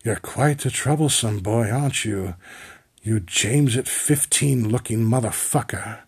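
A man's voice: medium pitch, unhurried, husky. A man putting on a pretentious character with an affected British accent, pompous and drawn out. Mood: sinister.

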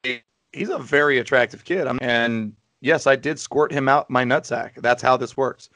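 A man's voice: medium pitch, normal speed, fairly bright tone, dry recording. A man hosting a casual podcast, brash and mocking, swearing freely. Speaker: podcast host. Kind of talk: casual banter.

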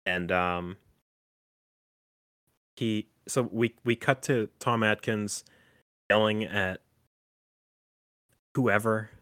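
Man, podcast host, casual movie chat, rambling, fillers, low-ish voice, dry recording. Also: steady tone, extremely slow, long pauses, fairly bright tone, clean tone, no echo. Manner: rambling, many fillers and restarts.

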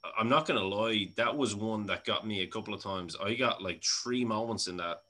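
A man's voice: lowish voice, brisk, pushed and bright. An Irish man hosting a podcast interview, chatty and casual, laughing often and swearing freely. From Ireland. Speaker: podcast host.

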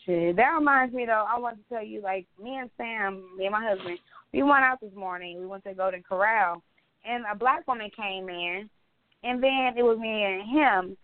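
A woman's voice: medium pitch, moderate pace, no echo. Blunt profane woman on a tinny line. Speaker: podcast co-host. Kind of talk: casual podcast chat.

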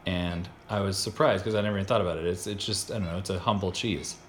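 A low-voiced American man hosts a relaxed chat and rambles with enthusiasm, doubling back and restarting his sentences. A faint hiss sits under the recording. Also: fast talker. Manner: rambling, self-interrupting, enthusiastic. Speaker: podcast host. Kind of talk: casual chat.

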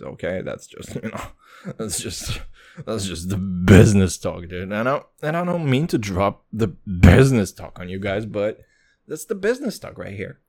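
A man from Kazakhstan hosting his own podcast, ranting casually with lots of swearing and excitement. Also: lowish voice. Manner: profane, rambling, excitable. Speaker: podcast host. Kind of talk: casual solo podcast rant.

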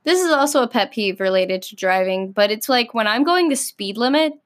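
Sassy American woman, slightly high voice. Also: expressive, fairly quick. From United States. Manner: filler-heavy, frequent "like"; blunt and sassy, swears casually. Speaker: vlogger. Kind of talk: casual ranting monologue.

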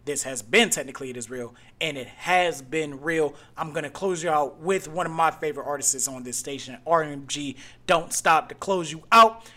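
A man from Cleveland, Ohio hosting his own podcast, talking casually and breaking into loud mocking outbursts. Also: fairly high pitch, moderate pace, hardly any pauses. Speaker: podcast host. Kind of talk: casual solo podcast talk.

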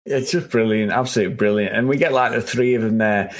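A man's voice: on the low side, fast talker. A man co-hosting a film review chat, rambling enthusiastically with lots of fillers. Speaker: film review podcast co-host. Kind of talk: casual chat.

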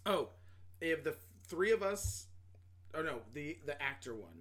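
A man co-hosting a podcast in casual banter, giggly and crude with quick jokes. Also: on the high side, expressive, a bit bright. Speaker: podcast co-host.

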